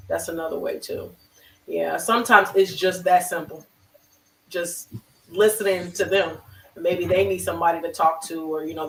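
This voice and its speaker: Bright, effusive therapist host, roomy sound. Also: medium pitch, far from the mic, a little hiss or hum. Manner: effusive, emotional, faith-filled encouragement. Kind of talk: warm encouraging closing remarks on a live web show. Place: online video call.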